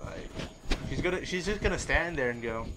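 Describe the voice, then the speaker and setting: Animated, rambling podcast host, man. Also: fairly high pitch, a little fast, very noisy. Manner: rambling, animated, lots of filler words. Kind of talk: casual chat.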